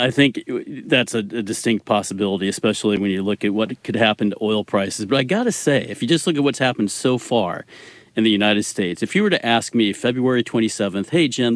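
Male analyst guest, lowish voice, dry sound, easy confident explainer. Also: a little fast, no room sound. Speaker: energy market analyst guest. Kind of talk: radio interview. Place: in Washington.

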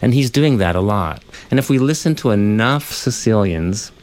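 A man, a linguistics professor, answering interview questions in a relaxed way with filler words. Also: on the low side, moderate pace.

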